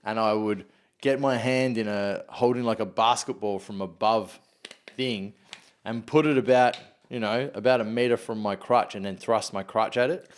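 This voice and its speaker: A man's voice: fairly low pitch, fairly even intonation, normal speed, clear, resonant tone. A young Australian man telling profane stories in a casual podcast chat, laughing often.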